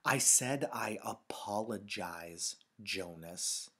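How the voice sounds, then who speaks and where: Man reading as a huffy young boy from a storybook, bossy and loud, low voice with indignant bite. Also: steady tone, normal speed, natural voice. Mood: sulky.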